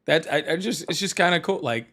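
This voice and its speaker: A man hosting a live call-in talk show, teasing callers with quick, casual jokes. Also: on the high side, expressive, a bit bright, a little hiss or hum. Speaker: host.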